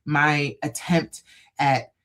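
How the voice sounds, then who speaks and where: Low-pitched woman guest, animated storyteller, leans on "like" constantly. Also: drawn-out words. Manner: animated, gushing, heavy "like" filler. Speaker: guest crochet designer. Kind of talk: casual live-stream interview storytelling.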